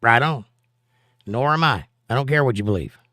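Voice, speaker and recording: A man's voice: mid-range voice, lively intonation, normal speed, pushed and bright, no room sound, studio quality. A man hosting a live stream, reading chat aloud and answering with blunt, sarcastic put-downs.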